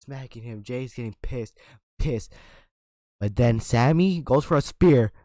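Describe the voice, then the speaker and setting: A man giving an excited, rambling recap of a wrestling event, with lots of restarts and shouted sound effects. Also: medium pitch, unhurried, no room sound. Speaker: wrestling reviewer.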